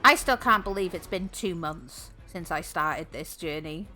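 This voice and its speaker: A woman's voice: lowish voice, expressive, measured pace, sharp tone, faint music behind. A woman streamer chatting casually with her viewers, bubbly and giggly, laughing often.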